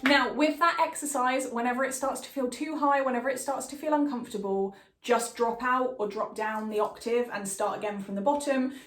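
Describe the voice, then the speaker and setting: A young woman giving a singing lesson as a vocal coach, with calm, reassuring instructions. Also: on the high side, a little fast, few pauses, reverberant.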